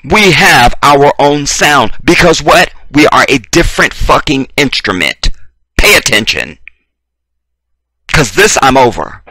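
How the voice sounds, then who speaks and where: Lively, bright-voiced male commentator. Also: medium pitch, unhurried, dry recording. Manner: emphatic, profane, addresses listeners directly. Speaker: video commentator. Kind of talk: preachy commentary monologue.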